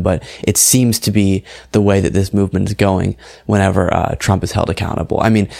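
A man's voice: fairly low pitch, gravelly, darkish tone. A young man hosting his own online political commentary show, talking casually and sounding incredulous, with frequent fillers. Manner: conversational, incredulous, with fillers and laughs.

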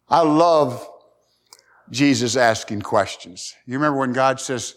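A middle-aged man preaching a sermon, folksy and emphatic, climbing to loud high peaks and repeating words. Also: animated, moderate pace. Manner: emphatic, rising loud at key points. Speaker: pastor.

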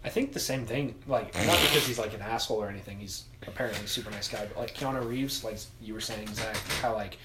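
A man's voice: on the low side, quick pace, few pauses, roomy sound, heavy background noise. A young man rambling casually in group chat, full of "like" fillers and swearing. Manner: rambling, profane, lots of likes.

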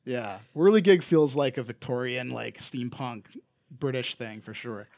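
A man's voice: mid-range voice, animated, a little slow, darkish tone, no echo. Rambling Canadian man, dry close sound. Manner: rambling, many fillers and restarts. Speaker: podcast co-host. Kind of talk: casual chat.

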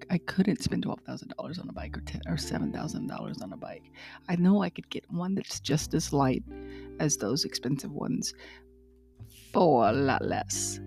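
Middle-aged American woman host, low, gravelly, rambling solo podcast chat with faint music behind. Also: warm tone. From United States. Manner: chatty, rambling, self-deprecating and jokey.

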